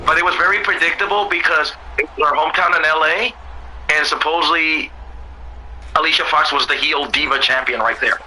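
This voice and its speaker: A man with a hoarse voice in loose, laughing casual chat as co-host, swearing freely. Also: fairly high pitch, brisk, pushed and bright, rough recording.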